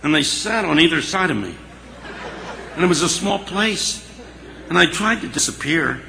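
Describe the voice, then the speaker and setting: Gravelly, bright preacher telling a story. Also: male voice, on the high side, moderate pace. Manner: animated, dramatic storyteller. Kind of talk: sermon storytelling. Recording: echoey church hall.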